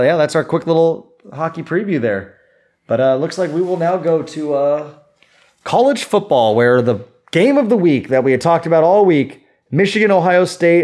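A man's voice: a little high, a little mellow. A man co-hosting a sports podcast in casual chat, rambling with lots of fillers. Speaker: podcast co-host.

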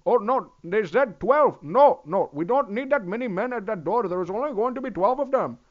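A man's voice: high voice, animated, moderate pace, muffled recording, voice pushed up. A man doing a caricatured Middle Eastern accent, voicing an enemy fighter chattering about overheard battle plans. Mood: smug.

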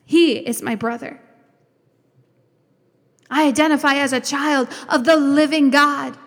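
A woman preaching a sermon with impassioned, rising declarations that slow into soft prayer. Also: high-pitched, steady tone. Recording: long hall reverb.

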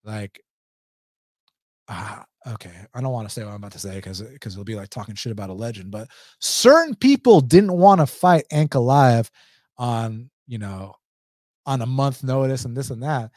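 Male streamer with an Atlanta accent, warm low-key tone, dry close sound, blunt casual delivery. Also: steady tone, moderate pace, dry recording. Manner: blunt, slangy, laughs often. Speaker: MMA betting livestream host. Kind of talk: casual livestream chat reading viewer comments.

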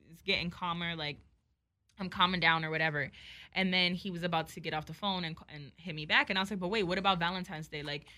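A young woman telling a story in casual chat, animated and profane, acting out both sides of the dialogue. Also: fairly low pitch, quick pace.

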